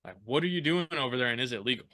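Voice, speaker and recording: Talking rapid-fire in a medium-pitched voice, a man guesting on a podcast recounts his own story. He's loose and lively, curses freely, and performs the voices of people he quotes.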